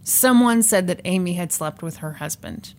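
Woman on a podcast telling a true crime story, super animated voice, laughs a lot. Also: on the low side, normal speed. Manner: animated, laughs often, swears casually. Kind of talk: casual storytelling chat.

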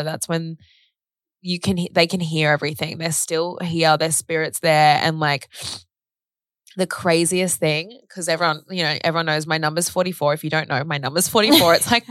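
A woman's voice: low-pitched, a bit bright, no echo, studio quality. A young woman, co-hosting a podcast and talking candidly and emotionally, full of "like" and the odd swear word. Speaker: podcast co-host. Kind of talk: casual chat.

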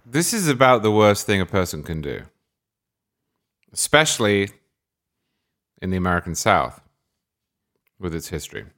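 A man on a political podcast panel, speaking in a measured, grave and articulate way. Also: low voice, very animated, a bit bright.

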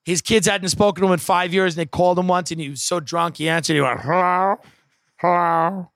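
A man's voice: high-pitched, fairly even intonation, quick pace, vocal fry, a bit bright, no echo, studio quality. Wry, profane man telling a stand-up story. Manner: wry, profane, rambling with asides. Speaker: comedian.

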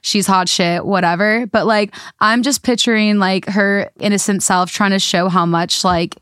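A young woman co-host who talks in animated, rambling bursts, laughs often and leans on "like" as she goes. Her pitch is mid-range for a woman. The sound is dry and close. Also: normal speed, smooth, dry recording. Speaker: podcast co-host. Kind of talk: casual chat.

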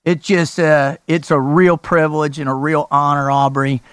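A man hosting a podcast, hyped and loud, laughing often and swearing freely. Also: a little high, level tone, normal speed, clean tone, dry recording, studio quality. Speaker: podcast host. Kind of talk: energetic podcast conversation.

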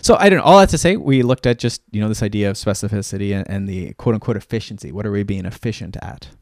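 A man's voice: on the low side, expressive, fast, darkish tone, dry recording, studio quality. A man co-hosting a podcast as a cycling coach, talking casually and thinking aloud with frequent restarts.

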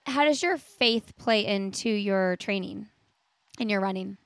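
Smooth-voiced woman podcast host. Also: mid-range voice, measured pace, no room sound. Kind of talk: podcast interview.

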